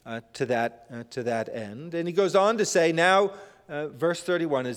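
In this sermon, a man reads from scripture and then unpacks it, stumbling over frequent "uh"s. His delivery is animated, lifting on quotations and sinking at phrase endings, and the recording carries the long reverb of a hall.

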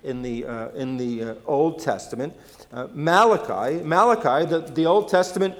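A man's voice: a little high, moderate pace, big-room sound. A man preaching a sermon in a folksy, conversational storytelling way, with many fillers and restarts. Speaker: pastor.

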